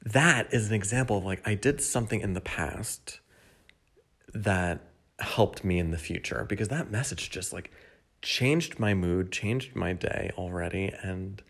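A man with a low voice hosts a solo podcast in casual, unscripted talk. He rambles candidly, often restarting and stuttering through his sentences, with a self-deprecating, confiding manner. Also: measured pace, creaky, a bit bright. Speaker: podcast host.

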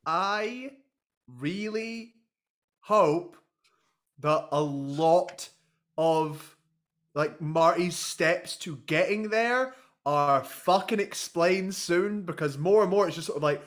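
A man's voice: high voice, slow, fairly bright tone. A man co-hosting a comedy podcast, ranting in exasperation and swearing often. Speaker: podcast co-host. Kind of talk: casual comedic chat.

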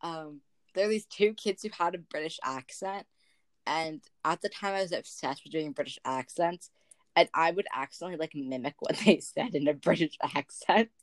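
A woman's voice: deep voice, normal speed, no room sound. A teenage girl co-hosting a podcast, dry and teasing, laughing often. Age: teens. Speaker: podcast co-host. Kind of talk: casual chat.

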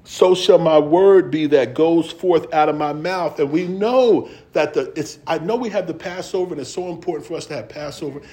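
A middle-aged male preacher with a fairly high voice, delivering a sermon in a folksy, conversational way. He draws out scripture verses slowly, then speeds up into casual family stories and laughs easily as he tells them. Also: warm tone.

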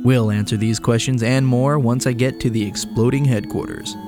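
A man's voice: medium pitch, fairly even intonation, moderate pace. A man opening a podcast as guest host in a playful, mock-grandiose scripted intro. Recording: music bed behind the voice.

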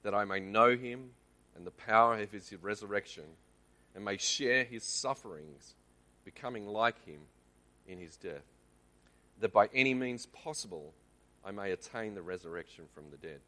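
Australian male lay preacher, conversational church talk, bright voice. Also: fairly low pitch, moderate pace. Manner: conversational, checks in with the audience.

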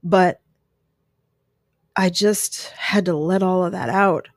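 A woman's voice: fairly low pitch, steady tone, slow, no room sound, clean studio sound. Candid woman telling a personal story. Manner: candid, emotional, rambling with restarts. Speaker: podcast host. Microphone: close microphone.

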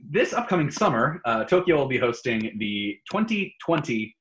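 A man's voice: mid-range voice, moderate pace, a little hiss or hum, rough recording. A man co-hosting a casual podcast, reading out riddles and running a playful tier-list segment. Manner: animated quiz-giver, playful. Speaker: podcast co-host.

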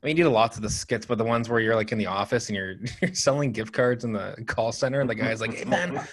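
A man's voice: on the low side, fast talker. A man from Western Canada co-hosting a podcast, asking questions in a hesitant, filler-filled way. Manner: hesitant, many restarts and "like". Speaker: podcast co-host. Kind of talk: casual podcast chat.

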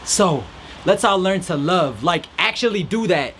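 A man's voice: sits high, expressive, measured pace, a bit bright, slight background noise. A man hosting a podcast, giving an upbeat faith-based pep talk outdoors in the rain. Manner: preachy and upbeat, with a mock reporter voice at times. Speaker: podcast host. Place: outdoors in a storm. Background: rain and faint music.

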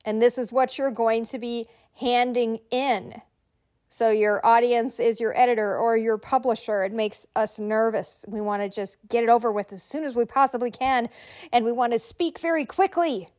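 A woman's voice: on the high side, moderate pace, darkish tone. A middle-aged woman hosting a podcast, giving writers friendly, conversational tips. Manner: encouraging, conversational, tells listeners what to do. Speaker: podcast host and writing coach. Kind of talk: instructional podcast talk.

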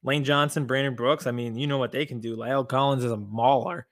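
A man co-hosting a casual sports podcast, talking in an animated, emphatic way. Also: medium pitch, brisk, no echo, clean studio sound. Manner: animated, emphatic, catchphrase-prone. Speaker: podcast co-host.

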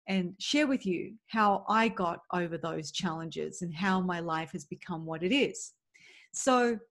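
A woman in her forties from Australia with an Australian accent, hosting a podcast in a candid, chatty motivational monologue full of "like" and "right?". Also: medium pitch. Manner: open, chatty, many "like" and "right?". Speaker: podcast host.

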